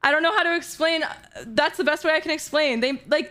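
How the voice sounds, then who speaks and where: A woman in her twenties live-streaming, chatting casually in an excitable, gushing way with frequent giggles. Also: high voice, fast talker. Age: 20s.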